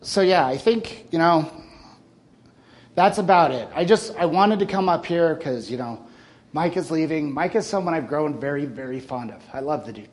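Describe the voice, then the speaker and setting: A man in his thirties talks to his church group in an earnest, casual way. His voice sits a little higher than most men's. He speaks plainly and warmly to the young men in front of him, and his feeling shows through. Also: expressive, moderate pace. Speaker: church member giving a farewell talk. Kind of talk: informal church talk.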